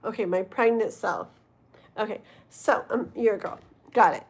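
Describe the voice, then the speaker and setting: A woman's voice: medium pitch, normal speed, slightly rough. A young woman, tired and yawning, chatting casually and rambling with her live chat between tarot readings, laughing often. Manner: rambling, giggly, talks to chat. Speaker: livestream tarot reader.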